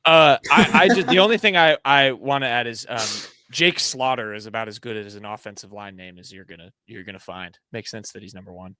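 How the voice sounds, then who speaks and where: A man's voice: mid-range voice, a little fast, few pauses, bright, forceful tone, smooth, no room sound. A young man co-hosting a casual sports podcast, rambling and teasing his co-hosts, often restarting his sentences. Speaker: podcast co-host.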